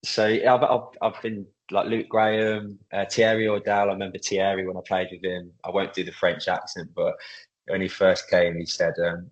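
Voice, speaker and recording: A man in his thirties, a footballer and club captain, chatting casually in a podcast interview, relaxed, with lots of fillers. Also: low-pitched, moderate pace, dull audio, a little hiss or hum. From England.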